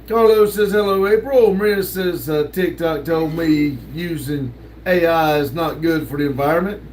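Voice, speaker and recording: An older man hosts a casual livestream from a home room with a sticker-covered wall, reading chat messages aloud in a laid-back drawl and laughing a lot. His voice is fairly high, and there's a little hiss or hum.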